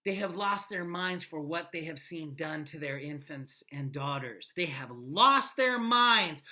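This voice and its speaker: A woman teacher giving a classroom lecture on a play, talking emphatically and animatedly with quiet asides. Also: deep voice, lively intonation, measured pace, few pauses.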